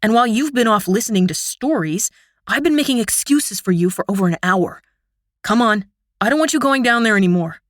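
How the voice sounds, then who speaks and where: Woman reading stern young twin brother, hushed and cross, storybook, dry close sound. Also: on the high side, animated, a little fast, dry recording, lightly acted. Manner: cross, scolding in hushed tones.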